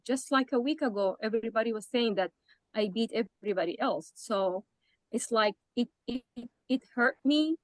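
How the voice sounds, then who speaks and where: A woman participant in a webinar, sharing a personal account hesitantly, with many pauses and restarts. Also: on the high side, no echo, low-quality recording.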